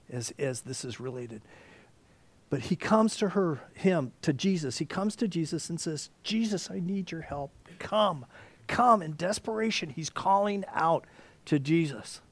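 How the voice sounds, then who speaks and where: A man preaching a sermon, dropping to whispers and rising to near shouts as he acts out the story. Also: high-pitched, no echo. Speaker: pastor.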